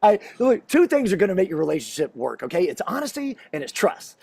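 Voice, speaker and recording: Male stand-up comic, gravelly and breathy, lively delivery, crowd-working. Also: high voice, quick pace, background noise. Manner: chatty, self-deprecating, works the crowd. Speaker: stand-up comedian. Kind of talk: stand-up comedy set. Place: stage in a comedy venue.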